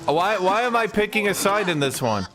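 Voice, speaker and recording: A man's voice: sits high, sing-song, normal speed, fairly bright tone, soft background music. A man giving casual gameplay commentary, full of incredulous, mocking asides. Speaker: gaming streamer.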